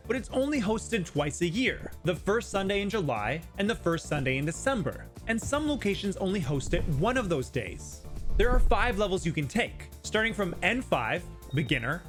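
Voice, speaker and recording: A man narrating an explainer video as a language teacher, clear and patient, saying example words slowly. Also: high-pitched, a bit bright.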